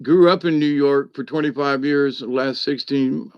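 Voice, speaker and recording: A man's voice: medium pitch, steady tone, moderate pace, dry recording, dull audio. A man from South Georgia, hosting a live stream and telling rambling stories to his chat. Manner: rambling and chatty, full of "you know" and "but anyway". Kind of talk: casual storytelling to a live chat.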